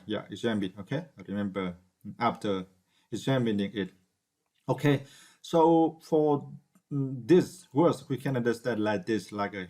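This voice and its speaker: Hesitant, low-voiced male English teacher. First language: Vietnamese. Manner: hesitant, many fillers and restarts; asks "right?" to check understanding. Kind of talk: unscripted vocabulary lesson.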